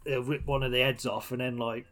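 A man's voice: mid-range voice, flat delivery, brisk, a bit bright. A young man, co-hosting a casual podcast chat, blunt and sweary, ranting about films with bursts of laughter. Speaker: podcast co-host.

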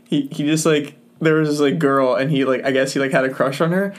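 A man's voice: mid-range voice, fairly even intonation, brisk. A young man co-hosting a podcast, telling school stories in a rambling way, full of fillers, swearing and laughter. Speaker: podcast co-host. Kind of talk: casual chat.

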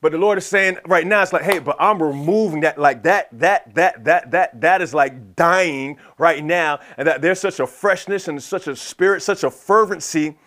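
A man with a high voice preaches to his church. He moves between slow, stretched-out lines and quick asides, acting out back-and-forth conversations with the Lord in an animated way. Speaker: pastor. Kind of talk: sermon.

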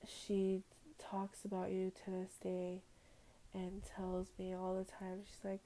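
A woman's voice: mid-range voice, monotone, dark tone, low-quality recording. A young woman, a before and after care teacher, talking emotionally and reflectively on a podcast, close to tears. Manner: heartfelt, emotional, slow and reflective. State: tearful, near crying. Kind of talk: personal podcast talk.

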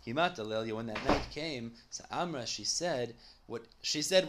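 A man with a voice of middling pitch teaching a Talmud class. He reads each passage aloud and then explains it in English, with a lively, conversational delivery. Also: moderate pace. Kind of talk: Talmud study lesson.

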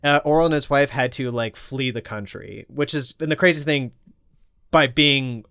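A man talking casually as a podcast co-host, rambling through his story with lots of fillers and the odd curse. His voice sits at a middling pitch. The sound is dry and close, with little room echo. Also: normal speed, a bit bright, clean tone. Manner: rambling, heavy with fillers and swearing. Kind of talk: casual chat.

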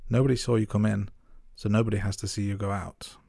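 A man playing a gravelly, menacing drug lord. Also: lowish voice, little pitch movement, fast talker, warm tone, no echo, studio quality. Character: menacing middle-aged male drug lord villain.

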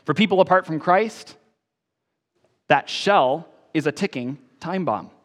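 Emphatic preacher in a reverberant church. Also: male voice, a little high, expressive, unhurried. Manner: emphatic, swelling on key phrases then dropping soft. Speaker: pastor. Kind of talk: sermon.

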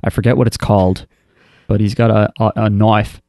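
This anime recap comes from a man with a lowish, warm voice, flat delivery and vocal fry, talking fairly quickly. It's casual podcast chat, wry and loose, full of fillers and restarts as he rambles. The studio-quality audio has no room sound.

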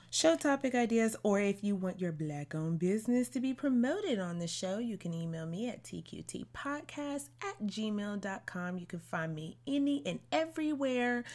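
A woman's voice: medium pitch, darkish tone. A woman hosting her own podcast in a casual solo monologue, blunt, slangy and outspoken. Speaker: podcast host.

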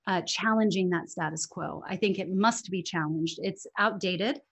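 A woman speaking as an interview guest, talking in an animated, emphatic way with frequent restarts. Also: on the low side, moderate pace, husky. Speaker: interview guest, English teacher trainer. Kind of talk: conversational interview.

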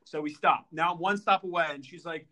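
A young man co-hosting a podcast, telling a story in casual chat, animated and full of fillers and stutters. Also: a little high, brisk. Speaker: podcast co-host.

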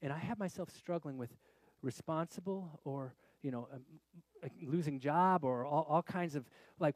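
A middle-aged man preaching a sermon as a pastor, telling a story in an animated way that swings between loud exclamations and quiet confession. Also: a little high, normal speed, dry recording.

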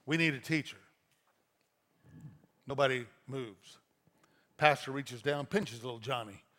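A man preaching a sermon as pastor, conversational and animated, telling stories and acting out little quoted lines. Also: mid-range voice, measured pace.

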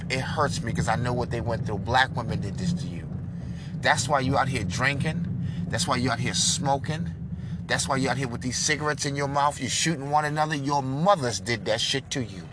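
A man in a car delivering an impassioned, preachy monologue, swinging between loud outbursts and low hushed lines. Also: normal speed, heavy background noise.

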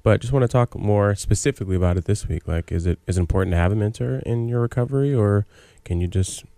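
A man hosting a casual community radio show, relaxed and soothing in his delivery. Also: lowish voice, fast, gravelly, no echo, studio quality.

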